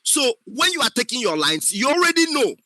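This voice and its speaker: A man's voice: very high voice, very animated, a little fast, sharp tone, no echo, low-quality recording. A man teaches an acting class, speaking with emphasis and often asking if his students follow. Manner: emphatic, often checks understanding. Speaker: acting instructor. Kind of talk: classroom lecture.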